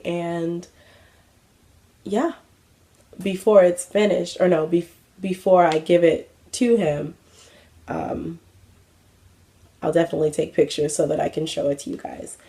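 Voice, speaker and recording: A woman's voice: on the low side, steady tone, unhurried, vocal fry, pauses often, dark tone. A young adult woman hosting a craft vlog, chatting casually with many fillers and self-mocking asides. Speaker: craft vlogger. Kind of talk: casual chat.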